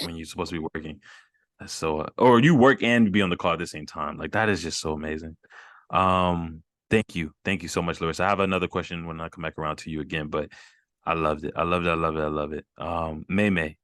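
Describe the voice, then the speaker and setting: A man's voice: sits low, fairly even intonation, a little fast, fairly bright tone, no room sound, studio quality. A man hosting a casual group video call, encouraging and affirming the others with frequent murmurs. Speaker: group host.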